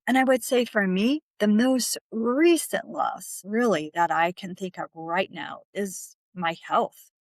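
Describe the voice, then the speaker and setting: A woman in her fifties hosting a reflective solo podcast, speaking gently and asking the listener questions. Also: medium pitch, no room sound. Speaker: podcast host.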